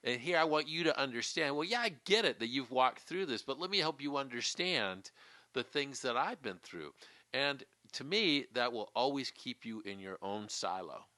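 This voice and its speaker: Man, podcast host, reflective casual chat, bright tone, dry recording. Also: mid-range voice, animated, normal speed, no room sound.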